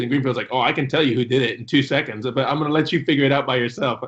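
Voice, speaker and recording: Host guy talking super fast, muffled lo-fi sound, swears casually telling old team stories. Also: mid-range voice. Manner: fast, animated storyteller who swears casually. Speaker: interview host and former teammate. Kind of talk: casual conversation. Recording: dull lo-fi audio.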